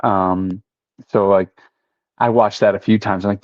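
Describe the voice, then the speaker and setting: Laid-back low-voiced man, lo-fi audio. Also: fairly even intonation, normal speed, a little mellow, dry recording. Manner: laid-back, lots of "you know" and "like". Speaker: podcast guest. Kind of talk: casual chat. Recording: dry, dull lo-fi audio.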